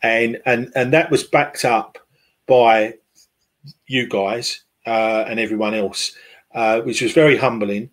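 A man's voice: mid-range voice, fairly even intonation, slow. A man, a podcast guest, talking casually and hesitantly with many fillers and restarts. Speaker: podcast guest, football club fan liaison. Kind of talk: casual conversational interview.

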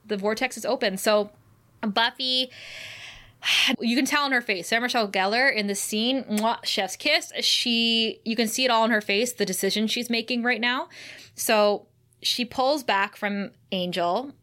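A woman co-hosting a podcast, retelling a TV episode in an animated way and laughing often. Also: on the high side, a little slow. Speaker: podcast co-host. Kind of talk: casual recap chat.

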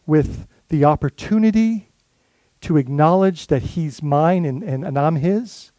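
A man's voice: on the high side, measured pace, warm tone, dry recording. A male lead pastor preaching a sermon in a conversational way, full of rhetorical questions and restarts.

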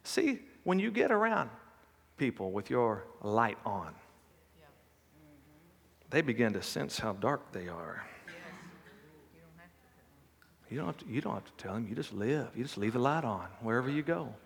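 A man's voice: mid-range voice, sing-song, moderate pace, creaky, pauses often, long reverb tail. A middle-aged man preaching a sermon, telling folksy personal stories. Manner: folksy storytelling with laughs and acted quotes.

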